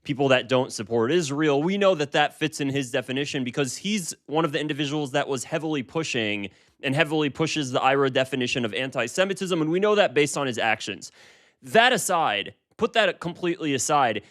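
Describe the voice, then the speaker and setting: A man's voice: mid-range voice, lively intonation, a little fast, a bit bright. A man in his twenties giving casual political commentary, emphatic and repeating himself with frequent restarts. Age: 20s.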